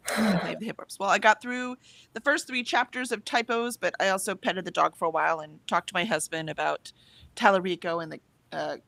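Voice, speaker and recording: A woman's voice: on the low side, steady tone, a little fast, vocal fry, a bit bright. A woman chatting casually with a co-host between writing sprints, laughing often. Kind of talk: casual chat.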